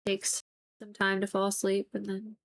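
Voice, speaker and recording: A woman's voice: medium pitch, moderate pace, creaky. Woman streamer chatting while she paints. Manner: rambling, relaxed, lots of "like".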